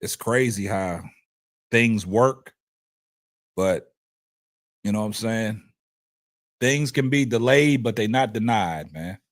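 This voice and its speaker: A man hosting a casual sports call-in livestream, speaking in a loose style, animated and repetitive, hoarse and choked up, answering the chat as he goes. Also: lowish voice, takes it slowly, pauses often. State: choked up, coughing. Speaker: livestream sports show host.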